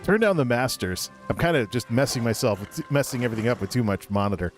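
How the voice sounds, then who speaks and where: A man streaming a game, joking around in a put-on mock-British presenter voice, his throat scratchy and hoarse from a long night of shouting. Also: mid-range voice, lively intonation, moderate pace, faint music behind. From United States. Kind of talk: casual gameplay stream chat.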